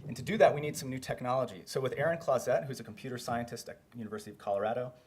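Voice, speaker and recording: A man's voice: medium pitch, very fast, darkish tone, husky. Man presenting research slides. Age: young adult. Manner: explanatory, walks listeners through slides step by step. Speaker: postdoctoral researcher giving a flash talk. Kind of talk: short scientific presentation with slides.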